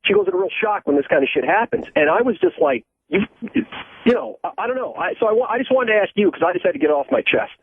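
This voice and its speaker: A man's voice: high voice, animated, rapid-fire, hardly any pauses, slight background noise. Agitated male caller on a tinny phone line. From Ohio. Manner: agitated, profane storytelling. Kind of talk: phoned-in story.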